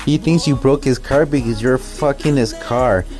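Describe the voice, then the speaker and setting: A man's voice: medium pitch, normal speed, darkish tone, soft background music. A man doing profane, mocking commentary over a video clip, with a sneering, swearing manner.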